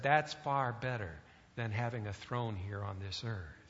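A man preaching a sermon in an earnest way, pausing with fillers now and then. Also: mid-range voice, bright, forceful tone. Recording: echoey hall, dull lo-fi sound.

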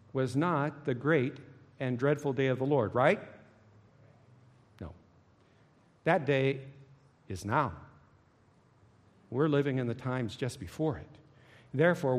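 A man preaching a sermon, swinging dramatically between hushed low tones and loud shouting. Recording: long hall reverb.

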